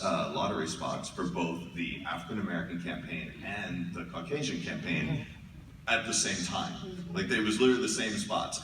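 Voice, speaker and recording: Very low male voice, easygoing panelist; echoey hall, mic from afar, noisy room. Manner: relaxed, self-deprecating, restarts often. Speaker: voice actor on a panel. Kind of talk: casual anecdotal talk. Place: large convention hall. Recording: echoey hall, distant mic, background noise.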